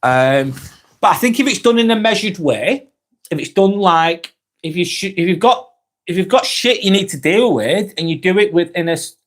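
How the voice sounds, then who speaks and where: A man hosting a live vlog, thinking out loud in casual chat and swearing freely as he restarts his sentences. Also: a little high. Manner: earnest, swears freely, many restarts and trailing phrases. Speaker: live vlog host reading chat comments.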